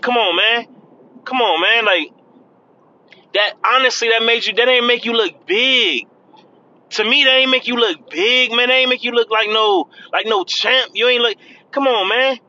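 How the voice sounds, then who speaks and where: A man hosting a talk show, riffing in casual slang and tacking a drawn-out "man" onto his lines. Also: high-pitched, pushed and bright, dull audio. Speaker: podcast host. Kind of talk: casual commentary.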